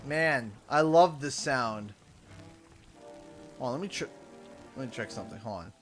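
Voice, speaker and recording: A man's voice: mid-range voice, expressive, a little slow, fairly bright tone, faint music behind. A man in his thirties chatting casually while livestreaming a game, a chatty storyteller who laughs and acts out voices. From Canada. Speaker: livestreaming gamer.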